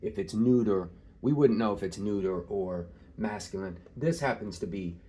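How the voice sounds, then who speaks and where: A man teaching an informal screen-share lesson in a relaxed way, with many filler sounds, slowing down to stress key terms. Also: lowish voice, a little hiss or hum.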